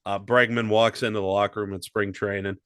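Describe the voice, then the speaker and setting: Lowish voiced guy, wry podcast banter, dry close sound. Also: little pitch movement, brisk, a bit bright, clean tone, no echo. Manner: dry, wry, swears casually. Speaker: podcast co-host. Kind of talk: casual comedic chat.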